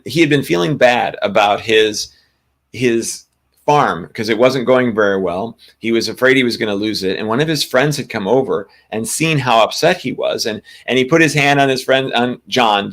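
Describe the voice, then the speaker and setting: A man co-hosting a spiritual talk show, telling a long personal story in a casual, animated way, with frequent restarts. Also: mid-range voice. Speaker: podcast co-host.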